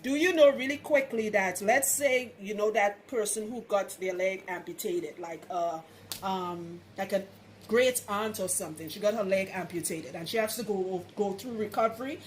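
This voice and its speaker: A woman's voice: medium pitch, moderate pace, slight background noise. Chatty Trinidadian woman giving hair tips. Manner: chatty, frank, laughs often. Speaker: loctician. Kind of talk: casual how-to vlog.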